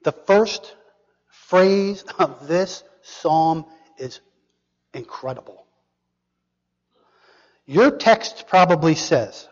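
A man preaching a sermon, asking the congregation questions and dropping to a hushed whisper for emphasis. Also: on the high side, expressive, very slow, long pauses, big-room sound, muffled recording. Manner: dramatic, drops to a hushed whisper for emphasis, asks the audience questions.

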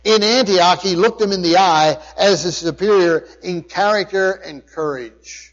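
Male pastor, higher voice, emphatic sermon delivery with restarts; muffled recording with long hall echo. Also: a little slow. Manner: emphatic preaching with frequent restarts and word study. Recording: dull sound with long hall reverb.

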